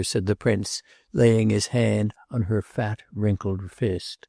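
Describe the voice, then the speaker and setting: A man narrating a classic novel as an audiobook in a measured, even reading. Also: fairly low pitch, creaky, no echo, clean studio sound. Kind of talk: scripted literary narration.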